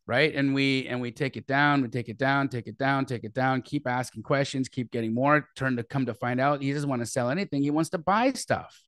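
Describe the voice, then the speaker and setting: A man hosting a live show, talking excitedly and laughing, often repeating himself. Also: mid-range voice, fairly quick, hardly any pauses, no room sound, clean studio sound. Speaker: real estate investor host. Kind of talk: casual chat.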